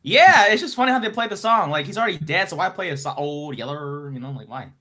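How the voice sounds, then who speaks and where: Bright, playful male co-host. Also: on the high side, lively intonation, no echo, clean studio sound. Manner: playful, teasing, drawn-out delivery. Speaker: podcast co-host. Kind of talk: casual sports banter.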